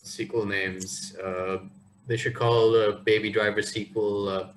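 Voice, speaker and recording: A man co-hosting a podcast, telling rambling stories in a casual, animated way. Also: on the low side, measured pace, slight background noise, low-quality recording. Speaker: podcast co-host. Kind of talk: casual chat.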